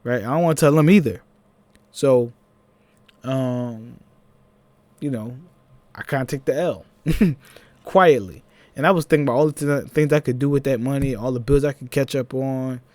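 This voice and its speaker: A young man with a Philadelphia accent, telling a personal story in a casual, animated vlog, with laughing asides. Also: mid-range voice, normal speed, long pauses, dry recording.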